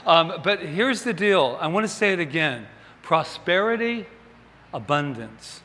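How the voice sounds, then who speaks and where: A man giving a Sunday sermon, his bright, fairly high voice carrying through a reverberant hall. He keeps it conversational and jokes with the congregation. He often asks them questions. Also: animated, moderate pace, a little hiss or hum. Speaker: minister.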